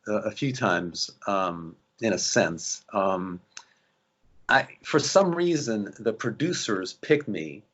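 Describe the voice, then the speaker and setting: Telling anecdotes in a relaxed interview, a male actor guest brings them to life by performing the voices of those he quotes. His voice is fairly low, and the recording's high frequencies are cut off.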